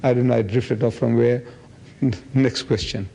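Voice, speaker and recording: A man in his seventies giving a public lecture and answering audience questions, telling stories with lively energy. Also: normal speed, creaky, slightly rough. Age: 70s. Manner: animated storytelling, acts out others' voices with big pitch jumps.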